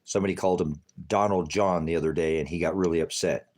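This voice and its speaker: A man's voice: deep voice, steady tone, fast talker, a little mellow. A man, a preacher, talking casually to his viewers from a farmhouse, rambling between warnings and baby talk to his cat.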